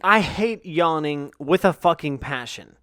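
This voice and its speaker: A man's voice: on the high side, expressive, measured pace, pushed and bright, clear, resonant tone, no room sound, clean studio sound. A young man hosting a casual solo podcast, rambling and swearing constantly, tired and yawning. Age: young adult. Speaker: podcast host.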